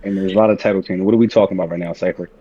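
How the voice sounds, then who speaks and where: A man co-hosting a casual wrestling podcast, excitable and argumentative, swearing freely as he pushes his picks. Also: low voice, rapid-fire, highs cut off, over a noisy crowd. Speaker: podcast co-host.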